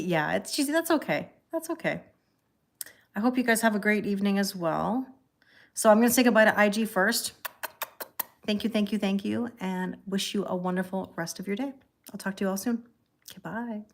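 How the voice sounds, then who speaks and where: A woman hosting a tarot livestream in a calm, chatty way, reading viewer comments aloud and thanking people by name. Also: mid-range voice. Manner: calm and relaxed. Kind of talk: casual livestream chat.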